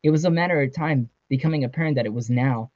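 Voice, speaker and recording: A man's voice: mid-range voice, fast talker, a little mellow, no room sound. A man, a guest author, reading his novel aloud earnestly with small stumbles. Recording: dry, slightly dull sound.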